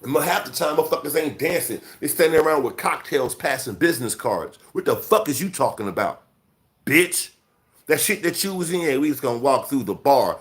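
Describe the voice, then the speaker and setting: A man's voice: a little high, lively intonation, a little fast. Profane scolding man in his forties. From Chicago. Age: 40s. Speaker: livestream host. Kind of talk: livestream rant.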